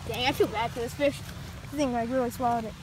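A woman vlogging casually outdoors at a lake, chatty and excitable, with many fillers and a handheld camera. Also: a little high, fast. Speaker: fishing vlogger. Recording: outdoor noise behind the voice.

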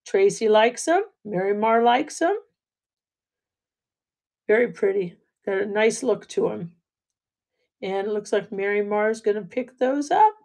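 A raspy-voiced woman running a live online jewelry auction, chatting with bidders, laughing often and thanking them by name. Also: medium pitch, a little mellow. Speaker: livestream jewelry seller. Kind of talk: live auction selling chat.

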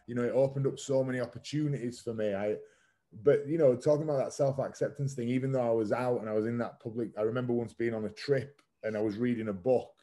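A man's voice: mid-range voice, steady tone, quick pace, mellow. A man in his thirties, a podcast guest, telling his story frankly and casually, swearing now and then and using lots of "like" fillers. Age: 30s. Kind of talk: candid conversational storytelling.

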